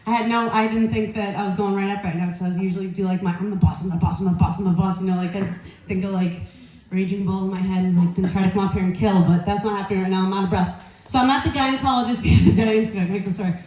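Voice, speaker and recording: A woman's voice: medium pitch, steady tone, fast talker, darkish tone. A woman doing a stand-up set, rambling and crude, losing her place and laughing at herself. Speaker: stand-up comedian. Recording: very echoey room.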